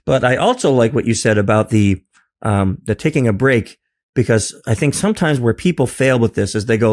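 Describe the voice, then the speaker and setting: A man of middle pitch hosting a conversational podcast. He jokes around, acts out little quotes and laughs often between points. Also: a little fast. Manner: jokey, animated, laughs often. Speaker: podcast host.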